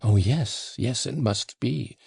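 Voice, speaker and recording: A man's voice: medium pitch, slow, gravelly, darkish tone, husky, dry recording, clean studio sound, full character voice. A man reading an audiobook and voicing a reckless young man, drunk and passionate, who blusters and then mutters. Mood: tormented.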